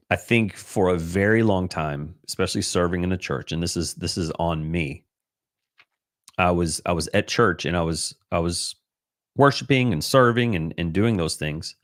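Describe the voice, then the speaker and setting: A man's voice: sits low, no echo, clean studio sound. A middle-aged man hosting a casual devotional livestream, talking in an earnest, emotional way with many restarts and fillers. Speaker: livestream host. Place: home livestream. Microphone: computer livestream mic.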